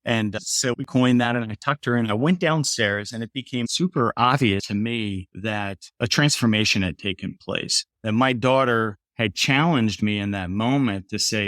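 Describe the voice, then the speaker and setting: A man's voice: mid-range voice, animated, normal speed, hardly any pauses, a bit bright, no echo, clean studio sound. A middle-aged man, a podcast guest, earnestly telling a personal story and lifting his voice when quoting others.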